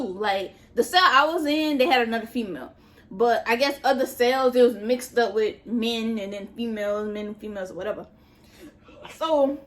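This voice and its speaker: A woman telling a personal story in a casual vlog, animated and profane, talking straight to her viewers. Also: a little high. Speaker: vlogger.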